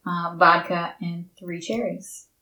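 A woman co-hosting a book podcast who speaks in a plain, matter-of-fact way. Her voice is slightly low. It is recorded in an echoey room. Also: fairly even intonation, takes it slowly, pushed and bright. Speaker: podcast co-host. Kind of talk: casual book discussion.

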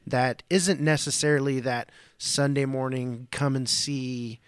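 A man's voice: mid-range voice, steady tone, measured pace, smooth, no echo. Male co-host, casual, playful, rambling; dry close mic. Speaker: podcast co-host. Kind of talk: casual chat.

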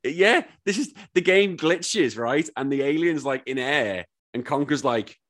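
A man with a Wirral accent talks in an easy, rambling way and keeps jumping into lively quotes. His pitch leaps up whenever he gets excited, and he swears freely as he chats with a friend. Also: a little slow. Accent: Wirral, Merseyside. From England. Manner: animated storytelling, swears often, jumps into excited quotes. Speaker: podcast host. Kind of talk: casual chat.

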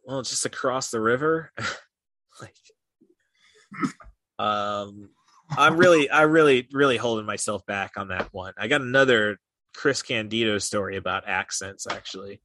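Low-voiced man rambling in casual chat. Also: a little slow, long pauses, sharp tone, no room sound. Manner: rambling, heavy on "like" and "uh" fillers. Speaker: podcast co-host.

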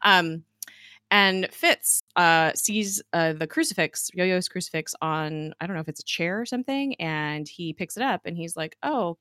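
A woman's voice: fairly low pitch, moderate pace, bright, forceful tone, clean tone, no echo, clean studio sound. A woman host chatting casually through a TV episode recap, giggling often and filling with "like". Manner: giggly, chatty, lots of "like" fillers. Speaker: podcast host.

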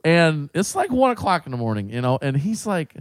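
A man's voice: on the high side, big pitch swings, a little fast, no echo, clean studio sound. A man telling a rowdy story in casual chat, colloquial and rambling, laughing and swearing as he goes.

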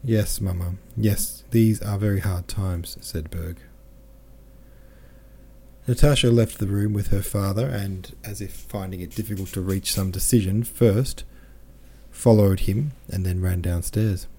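A man's voice: deep voice, fairly even intonation, unhurried, warm tone, husky. A man narrating a classic novel aloud, reading the dialogue with mild shifts in tone for each character. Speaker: audiobook narrator.

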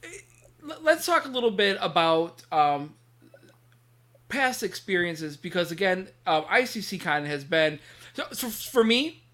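A man chatting excitedly in a casual talk, rambling with many restarts and fillers. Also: sits high, unhurried. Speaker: podcast guest, toy collector. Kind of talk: casual chat.

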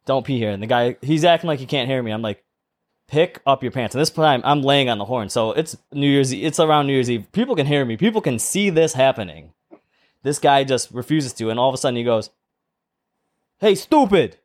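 A man's voice: medium pitch, quick pace. A man co-hosting a casual podcast, telling a story at length and acting out the people in it. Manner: animated storyteller, acts out quoted voices. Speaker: podcast co-host.

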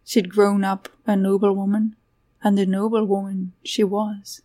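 A woman's voice: mid-range voice, little pitch movement, measured pace, warm tone. A woman narrating a fantasy story aloud, giving the characters voices of their own. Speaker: audiobook narrator.

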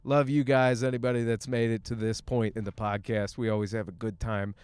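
A young man hosting a solo podcast, ranting in a profane, animated way and laughing through his stories. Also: fairly low pitch, brisk, smooth, dry recording. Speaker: podcast host.

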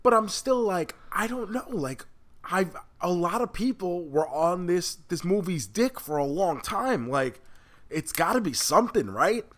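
A man with a fairly high voice co-hosts a casual pop culture chat. He talks in an animated way, swears freely and exaggerates for comic effect. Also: a little slow. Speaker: podcast co-host.

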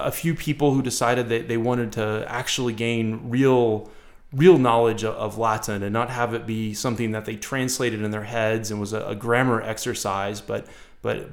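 A man who is a Latin professor, answering interview questions in a casual, halting way, often repeating words and restarting. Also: medium pitch.

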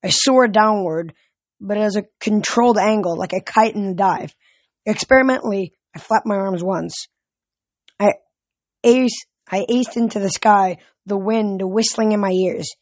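A man reading a novel aloud as a fan audiobook, steady with occasional slips and restarts. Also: high voice, unhurried, dry recording. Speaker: audiobook reader.

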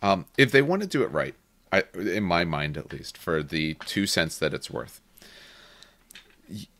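Deep-voiced man in opinionated chat. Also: a bit bright, no room sound. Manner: opinionated, rambling with restarts. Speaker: podcast host. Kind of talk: casual gaming chat.

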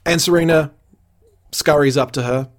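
A man with a fairly high, steady voice co-hosts a casual podcast at a moderate pace. He recaps a TV episode with plenty of laughter and playful mock indignation.

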